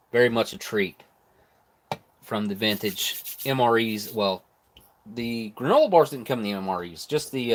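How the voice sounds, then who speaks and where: A man reviewing old military rations on a live stream, chatting casually and eating as he talks. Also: fairly low pitch. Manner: relaxed, chatty, talks while chewing. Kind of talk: live stream food tasting.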